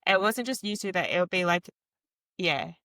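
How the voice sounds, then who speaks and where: A woman telling a casual story to friends, expressive and lively. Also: on the low side, normal speed, no room sound, studio quality. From Australia. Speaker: cast member. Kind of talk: casual chat.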